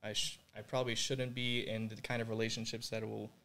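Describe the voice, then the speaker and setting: A man's voice: lowish voice, little pitch movement, fairly quick, bright, forceful tone. A young man raised in Puerto Rico, a podcast guest earnestly recounting his faith journey, with many "like"s and "you know"s. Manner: earnest and reflective, heavy use of "like" and "you know". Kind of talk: candid interview conversation.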